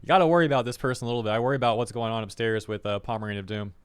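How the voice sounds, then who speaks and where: A man's voice: mid-range voice, fairly even intonation, rapid-fire, clear, resonant tone. Rambling, exasperated male streamer. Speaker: commentary streamer. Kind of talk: casual reaction commentary.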